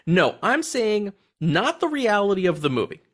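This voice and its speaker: Movie podcast host guy, lively swoopy voice, kinda high, laughs a lot and swears. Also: normal speed. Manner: animated, swears casually, laughs often. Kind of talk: casual movie review chat.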